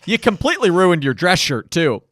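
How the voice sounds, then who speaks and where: A young man co-hosting a podcast, teasing his friend and chiming in with lively comments. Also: high voice, normal speed, dry recording, clean studio sound. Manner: teasing, lively, interjects often. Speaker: podcast co-host. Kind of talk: casual chat.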